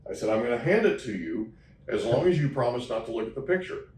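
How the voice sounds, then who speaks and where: This man hosts a podcast and, in a relaxed interview, tells a story with emphasis while frequently asking "okay?". His medium-pitched voice is sing-song and quick, with a darkish tone, recorded from a distant mic in an echoey room with slight background noise.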